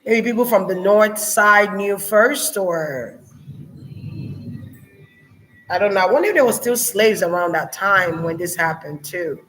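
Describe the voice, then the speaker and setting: A woman, giving a casual spiritual channeling reading, musing slowly with many fillers and restarts. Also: medium pitch, a bit bright, rough recording.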